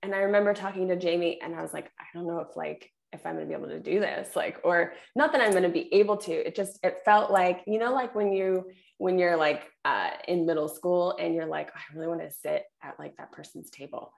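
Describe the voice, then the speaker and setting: A woman guest on a podcast speaks in a fairly low, gravelly voice with plenty of vocal fry. She rambles in a chatty way, filling her talk with "like" and "you know.". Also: brisk, hardly any pauses. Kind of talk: casual podcast chat.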